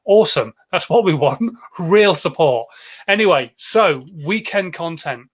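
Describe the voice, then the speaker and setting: A man's voice: a little high, expressive, measured pace, husky. Chatty man hosting a live stream. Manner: chatty, greets viewers, lots of "uh" and "um" fillers. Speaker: host of a live social media show. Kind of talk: casual live-stream talk to viewers.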